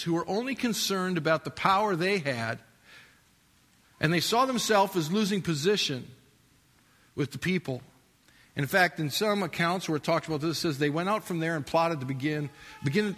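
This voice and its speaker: A male pastor preaching a sermon. He declaims with emphasis and drops into quieter asides. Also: a little high. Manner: emphatic, rises and falls between loud declaiming and quiet asides. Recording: long hall reverb.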